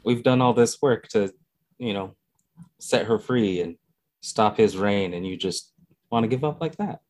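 A man's voice: lowish voice, a little slow, a little mellow. A man playing in a tabletop game, joking and then arguing earnestly in character. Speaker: player. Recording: music playing underneath.

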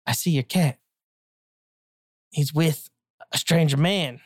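A woman voicing a bumbling, self-important male pet detective who talks in a blustery deadpan. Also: low voice, slow, dry recording, studio quality.

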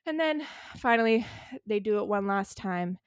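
A woman's voice: mid-range voice, lively intonation, moderate pace, clear, resonant tone, dry recording, studio quality. A woman co-hosting a podcast, recapping a book in casual chat and leaning hard on "like" as a filler. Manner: chatty, heavy use of "like". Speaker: podcast co-host.

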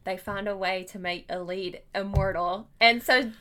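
A woman co-hosting a casual book podcast, talking excitedly with lots of "like" fillers. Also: medium pitch, normal speed.

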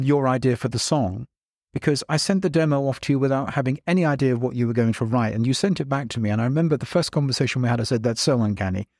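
A man, a band's composer, talking thoughtfully with many pauses and ums. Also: mid-range voice, a little mellow, dry recording, studio quality. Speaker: composer in a band. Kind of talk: podcast conversation.

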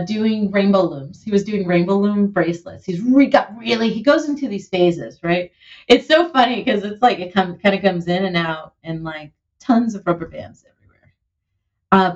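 A woman in her thirties, a musician being interviewed, talking in an animated, heartfelt way with lots of "like" and "you know". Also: mid-range voice, lo-fi sound. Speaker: musician and producer, guest. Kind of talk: conversational interview.

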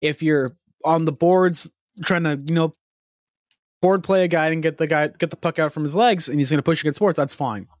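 A man's voice: on the high side, normal speed, no room sound, clean studio sound. A young man telling a long rambling story on a podcast, swearing freely and getting worked up. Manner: animated, profane, rambling storytelling. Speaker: podcast co-host.

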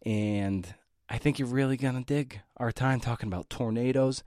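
A podcast host delivers a casual monologue on his own show, loose and chatty, full of slang and self-deprecating asides, and he sometimes stumbles over words. His voice is medium-pitched with a darkish tone at a moderate pace. The recording is dry and studio quality.

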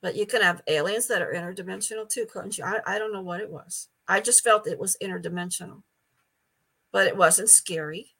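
A woman's voice: medium pitch, a little fast, pushed and bright, husky. An older woman telling stories as a guest in a casual interview, chatty, stumbling over repeated words and laughing often. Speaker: psychic medium guest.

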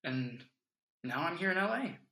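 A man's voice: on the high side, lively intonation, moderate pace, creaky, pushed and bright. A man in his twenties, a podcast guest, telling stories in an earnest, reflective way. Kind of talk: casual chat. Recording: echoey room.

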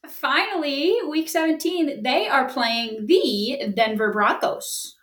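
A woman co-hosting a sports podcast, reading out each matchup in a playful, giggly way. Her voice sits a little higher than most, and the recording has a noticeable echo from the room. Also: slow, a bit bright, recorded from a distance. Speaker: podcast co-host. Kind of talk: casual sports chat.

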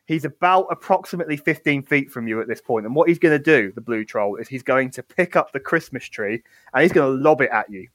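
A man's voice: medium pitch, lively intonation, fairly quick, a bit bright, dry recording. A man running a tabletop game as game master, narrating playfully and laughing often.

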